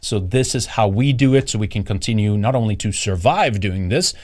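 A man's voice: on the low side, animated, a little fast, a little mellow. A man co-hosting a livestream, talking casually with many fillers and restarts. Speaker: co-host.

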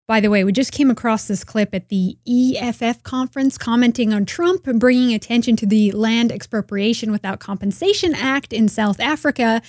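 A woman's voice: on the high side, moderate pace, hardly any pauses, a little mellow, no room sound, studio quality. A woman hosting an interview, agreeing readily with short affirmations. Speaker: podcast host. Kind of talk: interview conversation.

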